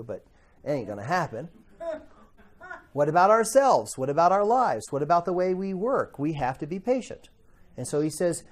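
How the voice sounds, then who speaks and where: Teaching a Bible lesson to a class, this slightly high-voiced man keeps it conversational, quizzing students and performing quoted voices with abrupt loud bursts.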